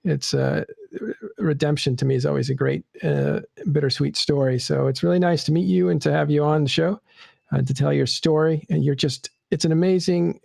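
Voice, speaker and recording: A man hosting a casual interview show, talking in a halting way with many fillers. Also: on the high side, steady tone, vocal fry, darkish tone, no room sound, clean studio sound. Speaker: podcast host.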